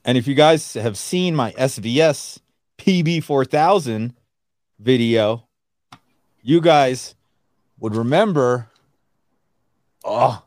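A man co-hosting a podcast in casual chat, blunt and quick to swear, laughing often at his own jokes. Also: mid-range voice, darkish tone, no echo, clean studio sound. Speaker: podcast co-host.

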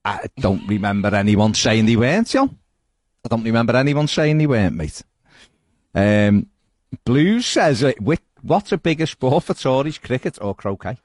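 A man's voice: mid-range voice, moderate pace, no echo, clean studio sound. A man co-hosting a casual podcast, reading out viewer comments with jokey banter. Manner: jokey, animated, swings into mock voices.

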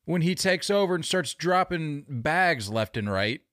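A man co-hosting a sports podcast, chatting casually with animated, opinionated banter. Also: fairly high pitch, unhurried, dry recording, clean studio sound. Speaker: podcast co-host. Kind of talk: casual chat.

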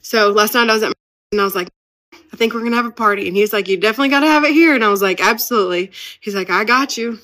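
A woman's voice: medium pitch, fairly even intonation, quick pace, pushed and bright. A woman, chatting casually as host of her own podcast, upbeat and very talkative. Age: 30s. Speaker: podcast host and business owner. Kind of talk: casual chat.

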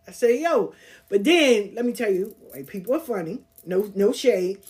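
A woman's voice: mid-range voice, expressive, moderate pace, a little mellow. Blunt, profane woman telling stories. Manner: laughs while telling stories. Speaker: podcast host. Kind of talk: casual storytelling.

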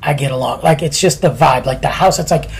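A man's voice: a little high, brisk, creaky. A man casually telling a story on a podcast, laid-back and chatty with lots of slang.

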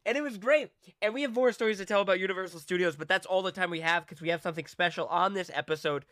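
High-voiced man in a dry room. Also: very fast, a bit bright, dry recording. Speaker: podcast co-host. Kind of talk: casual podcast chat.

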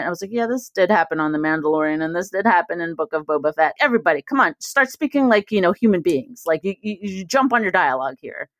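Chatty woman on a podcast, mid pitch, dry close mic, laughs a lot, does goofy slow voices. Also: dry recording. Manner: animated, laughs often, acts out slow mock voices. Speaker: returning guest, former cohost. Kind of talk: casual podcast chat reviewing a TV series.

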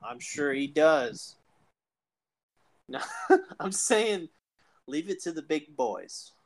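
A man's voice: on the high side, big pitch swings, extremely slow, rough recording. A man co-hosting a podcast, telling a story in casual chat with a teasing, joking manner. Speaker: podcast co-host.

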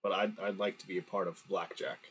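A man's voice: low voice, level tone, a little fast, husky, poor audio. A young man chatting casually on a podcast, easygoing and a little hesitant. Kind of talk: casual chat.

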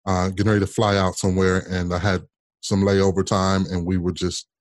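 A man from Kansas with a low voice tells a long personal story as an interview guest. He is animated and often repeats a word before he finds the rest of the sentence. The recording is dry and close. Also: a little fast, no room sound. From Kansas, United States. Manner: animated, repeats words while telling a story. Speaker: interview guest, state senator.

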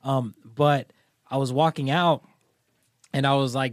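A young man chatting as a podcast co-host, animated and laughing easily. His voice sits at a middling pitch. The recording is dry and close, with no room sound. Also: measured pace, long pauses, dry recording. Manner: animated, laughs often, says bro. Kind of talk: casual podcast chat.

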